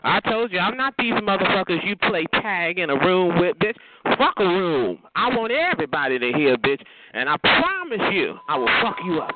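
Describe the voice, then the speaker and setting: A woman's voice: lowish voice, big pitch swings, moderate pace. A woman trash-talking over a phone line, taunting and cursing nonstop, with a profane mocking manner. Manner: profane, taunting, calls the other "bitch" and "honey". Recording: tinny noisy phone line.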